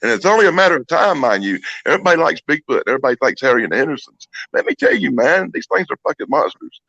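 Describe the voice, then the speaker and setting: A man spins stories in an animated, swooping voice that carries a gravelly edge. He swears freely and plays every character himself. The sound is dry and a bit dull, like lo-fi call audio. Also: a little high, very fast, no echo. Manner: profane, animated storyteller who acts out the people in his stories. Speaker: guest storyteller. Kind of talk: casual storytelling chat.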